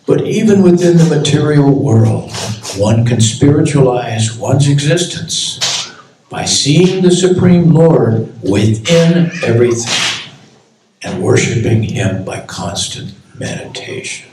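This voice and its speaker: An older man in his eighties reads from his memoir, unhurried and measured, his pitch moving freely as he tells the story. He is heard from a distance in a big echoing hall, with a faint hum of ambience behind. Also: expressive, a little mellow. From United States. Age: 80s. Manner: slow, measured reading with quoted speech. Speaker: author reading from his memoir. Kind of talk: book reading. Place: temple hall at a book launch. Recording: echoey hall from far off.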